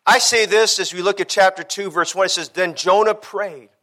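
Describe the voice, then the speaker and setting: A man preaching a sermon as pastor, swinging from hushed lines to loud cries and acting out the people in his story. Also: high voice, steady tone, normal speed. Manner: preaching with dramatic shifts between hushed and shouting; acts out quotes in character voices.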